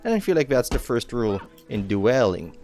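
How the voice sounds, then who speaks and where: A tired young man hosts a late-night let's play, rambling casually through tangents with the occasional swear word as faint music plays behind him. His medium-pitched voice is a little mellow and sing-song, at a normal speed.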